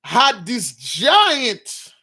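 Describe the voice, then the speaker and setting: A man's voice: very high-pitched, wildly swooping pitch, extremely slow, bright, forceful tone, husky. A man delivering a sermon, reading a passage aloud and then retelling it in his own words, calling his listeners brothers. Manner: addresses listeners as brothers, restarts, repeats, informal asides. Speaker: preacher. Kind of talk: sermon reading a text with commentary.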